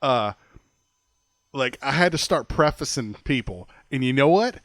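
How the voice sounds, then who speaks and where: A man's voice: mid-range voice, expressive, measured pace, fairly bright tone, no room sound. A man co-hosting a podcast, telling a funny story in casual chat and laughing often. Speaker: podcast co-host.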